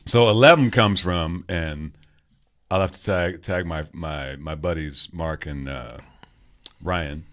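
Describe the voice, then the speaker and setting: A man's voice: low-pitched, slow pace, a bit bright. A man in his forties co-hosting a podcast, joking, swearing and laughing often while drinking beer. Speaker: podcast co-host. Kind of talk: casual chat over beers.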